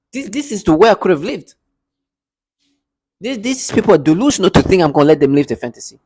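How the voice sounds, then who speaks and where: A man's voice: sits high, very animated, quick pace, pauses often, a little mellow, husky, dry recording. A man delivering an agitated, repetitive rant to camera from his apartment, with bitter laughs. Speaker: vlogger. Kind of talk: angry monologue to camera.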